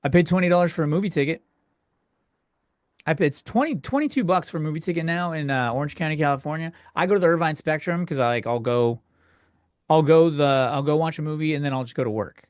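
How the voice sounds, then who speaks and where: A young man rants crudely through his solo comedy podcast, fumbling and restarting as he gets worked up. His voice sits a bit high for a man. He is recorded close and dry at home. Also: quick pace, dry recording. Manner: crude, exasperated ranting with frequent self-interruptions. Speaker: podcast host.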